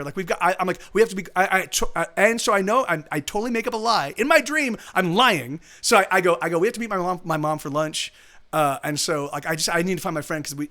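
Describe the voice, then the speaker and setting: A man's voice: sits high, expressive, fast, fairly bright tone. A young man hosting a livestream, telling a long story casually, with many restarts and quoted lines. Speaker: livestream host. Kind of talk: casual chat.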